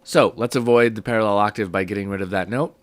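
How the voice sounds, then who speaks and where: A young man with a sick, hoarse voice, casually teaching a music theory lesson step by step. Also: lowish voice, quick pace, no room sound. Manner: relaxed, explaining step by step with fillers.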